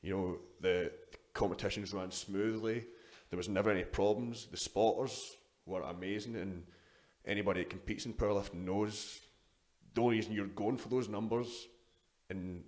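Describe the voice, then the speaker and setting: This guest is a powerlifter: a young adult Scottish man with a lowish, somewhat dark voice and fairly flat intonation, speaking at a moderate pace. Chatting in a relaxed interview, he tells stories, curses freely and keeps restarting sentences.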